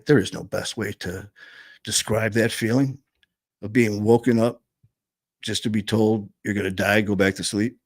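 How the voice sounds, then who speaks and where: A man telling a personal story, candid and blunt, swearing freely and pausing often. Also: on the low side, no echo. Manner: halting, full of fillers and restarts.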